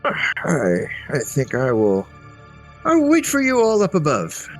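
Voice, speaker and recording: A man's voice: a little high, huge pitch swings, a little slow, faint music behind, pitched above the performer's own voice. A man voicing a forgetful old male wizard who rambles cheerfully and loses his thread. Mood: musing, cheerful. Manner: rambling, chipper, absent-minded.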